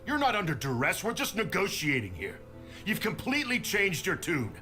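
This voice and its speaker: A blustering older noble schemer. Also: male voice, high-pitched, huge pitch swings, normal speed, pushed and bright, soft background music, full character voice. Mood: indignant. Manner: blustering, stammering when cornered. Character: scheming older male clan noble, flustered.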